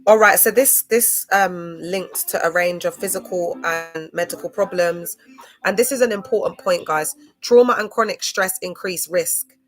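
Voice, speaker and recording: A woman's voice: on the low side, normal speed, faint music behind. A woman talking to livestream viewers in a loose, slangy, digressive way, drifting between topics. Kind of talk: rambling livestream talk to viewers.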